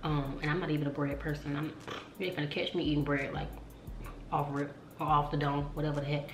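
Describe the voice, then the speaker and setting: A woman's voice: sits low, level tone, quick pace, soft background music. Chatty young woman vlogging in an echoey room. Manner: chatty, slangy, keeps calling out to viewers. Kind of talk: casual vlog chat to camera.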